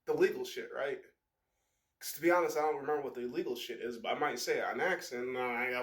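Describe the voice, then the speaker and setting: A young man talking to camera in a rambling, emotional monologue that swings into loud outbursts. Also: medium pitch, fast. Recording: echoey room.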